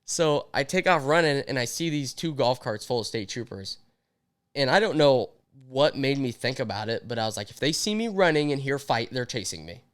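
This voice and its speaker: A man's voice: medium pitch, moderate pace, clean tone. A young man telling a story in casual podcast chat, acting out his own quotes. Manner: animated, acts out quotes. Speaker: podcast co-host.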